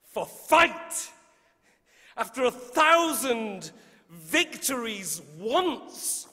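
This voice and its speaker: Bright-voiced Mancunian man reciting verse. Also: extremely high pitch. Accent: Manchester. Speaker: poet and reader. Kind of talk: poetry reading on stage. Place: large concert hall on stage. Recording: long reverb of a large hall.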